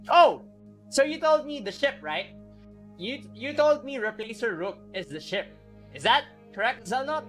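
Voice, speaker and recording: A man live-streaming a video game, chatting casually with viewers, excitable and quick to laugh. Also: very high-pitched, soft background music.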